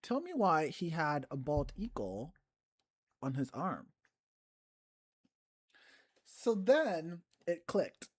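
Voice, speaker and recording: A woman co-hosting a casual podcast, telling a story in a candid, profane way and pitching in as the show's host. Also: big pitch swings, takes it slowly, long pauses, a little mellow, husky. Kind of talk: casual chat.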